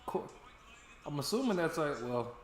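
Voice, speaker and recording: Young American man, joking live-stream co-host, mid-pitched, some room echo. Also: animated, normal speed, faint music behind. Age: young adult. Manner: joking, swears freely, chats to viewers. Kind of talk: casual live-stream chat. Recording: roomy echo.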